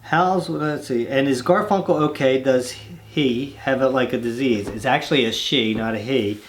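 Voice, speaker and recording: A relaxed man hosting a home video channel, reading fan letters aloud at an ordinary pitch. He breaks off into easygoing, rambling asides, restarting his sentences as he goes. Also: normal speed, a little hiss or hum.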